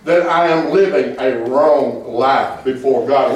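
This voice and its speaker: A man preaching a fervent sermon as pastor, with call-and-response and bursts of shouting. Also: medium pitch, takes it slowly, hardly any pauses, slight background noise. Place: church sanctuary. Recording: echoey church hall from far off.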